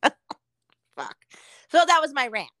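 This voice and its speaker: A woman's voice: high-pitched, big pitch swings, slow, a bit bright, no room sound. Foul-mouthed, laughing woman on a dry mic. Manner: profane, laughing, acts out quotes. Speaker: podcast co-host. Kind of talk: casual chat.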